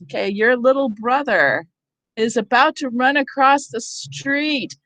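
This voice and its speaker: A woman leading an online teacher workshop over a video call, animated and demonstrating sounds herself. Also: fairly high pitch, normal speed, no echo. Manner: animated, acts out calling for help. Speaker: teacher trainer.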